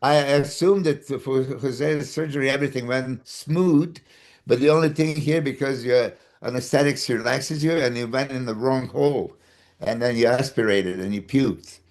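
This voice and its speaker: Man co-host, mid-range pitch, explains and asks questions in a relaxed chat. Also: moderate pace. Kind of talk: casual chat.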